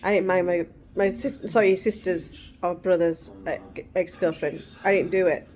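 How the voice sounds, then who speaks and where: A woman's voice: fairly low pitch, fairly even intonation, moderate pace, a little mellow. Middle-aged woman, vlogger, chatty, rambling, digressive, casual chat.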